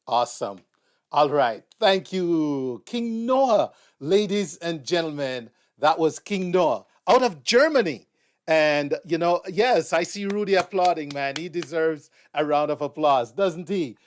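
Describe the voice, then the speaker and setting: Slow-talking male live show host. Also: a little high, expressive. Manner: unhurried, with many fillers. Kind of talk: live online show hosting.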